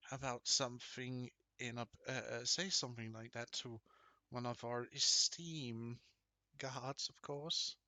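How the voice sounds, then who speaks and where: A man voicing a calm, sinister male interrogator who talks to his captive in a soft, patronizing way. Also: mid-range voice, unhurried, dry recording. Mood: menacing.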